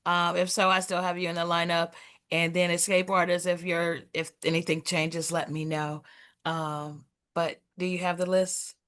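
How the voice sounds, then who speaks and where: A woman's voice: on the low side, level tone, normal speed, fairly bright tone. A woman co-hosting an open mic on a video call, chatty while organizing the lineup.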